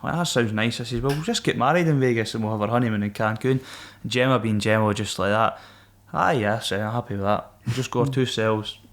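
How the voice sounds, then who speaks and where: A man's voice: mid-range voice, quick pace, hardly any pauses. A Scottish man, a former Royal Marine, telling stories on a podcast in casual, swearing chat that he breaks with laughs. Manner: swearing, animated, laughs mid-story. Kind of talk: casual storytelling.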